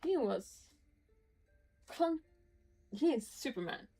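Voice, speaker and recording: Creaky Northern Norwegian woman streamer. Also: sits high, very animated, slow pace, warm tone, soft background music, rough recording. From Norway. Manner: rambling, chatty and profane, mutters asides. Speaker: game streamer. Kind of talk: casual gaming commentary.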